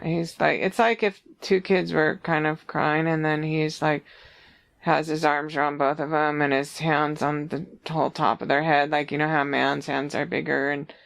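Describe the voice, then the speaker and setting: A psychic medium giving a reading, describing visions in a halting, searching way full of restarts. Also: medium pitch, vocal fry, fairly bright tone.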